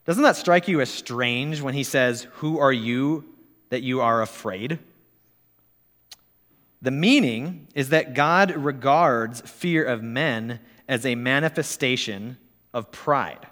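A man delivers a sermon at an unhurried, deliberate pace. His tone is earnest and measured. His voice carries a long reverb, as if he is speaking in a large church hall. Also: medium pitch, fairly bright tone. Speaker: preacher. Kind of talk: sermon, reading a quote aloud.

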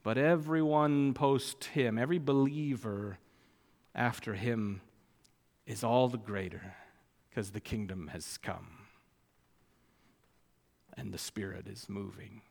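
Slow, deliberate male preacher in a hall. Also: lowish voice, fairly even intonation, gravelly, a little mellow. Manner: slow, deliberate delivery with emphatic rises on quoted scripture. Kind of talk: sermon. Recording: long reverb of a church hall.

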